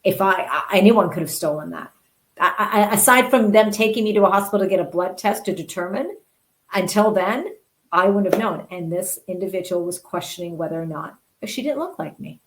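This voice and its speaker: A woman's voice: medium pitch, expressive, fairly quick, a little hiss or hum, low-quality recording. Earnest woman telling a story. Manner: earnest, restarts and repeats words. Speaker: interview guest, journalist. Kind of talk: candid personal storytelling.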